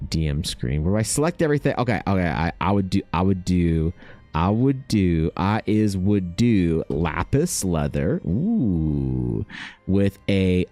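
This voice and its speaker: A young man streaming casually, excitable and thinking aloud, swearing freely as he chats. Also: deep voice, measured pace, no room sound, faint music behind. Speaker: art streamer. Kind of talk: casual livestream chat.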